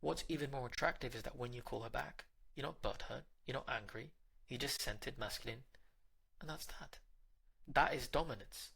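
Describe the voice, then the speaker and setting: A man's voice: medium pitch, normal speed, vocal fry, pushed and bright, husky. A man hosting a dating advice channel, talking straight to the listener in a direct, coaching monologue and now and then acting out little scenes.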